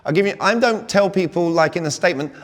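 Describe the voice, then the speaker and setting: A British man in his forties delivers a lively sales seminar, keeping the crowd engaged with constant questions. His voice sits a little high. It carries with a long reverb through a large venue. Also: fast talker. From Britain. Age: 40s. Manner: energetic, keeps quizzing the audience. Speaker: conference speaker. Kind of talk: live motivational sales talk. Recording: long reverb of a big hall.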